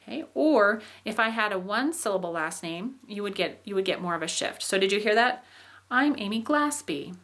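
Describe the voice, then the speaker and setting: A woman teaching in a patient, explanatory way, pausing on "um" and checking in with "okay." She shows examples by exaggerating how her voice swoops up and drops down. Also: mid-range voice, animated, fairly bright tone. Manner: demonstrates phrases with exaggerated rises and falls. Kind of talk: explaining English intonation.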